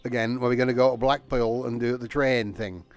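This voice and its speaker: A man's voice: medium pitch, fairly even intonation, fairly quick, natural voice. A man putting on a half-hearted northern English voice as a joke, sounding close to his own. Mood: jokey.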